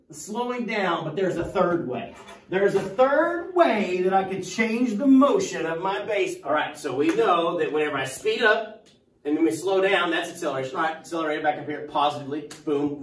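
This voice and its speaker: A man teaching a class in a playful, excitable, jokey way. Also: on the high side, moderate pace. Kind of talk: classroom lesson. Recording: echoey room, mic at a distance.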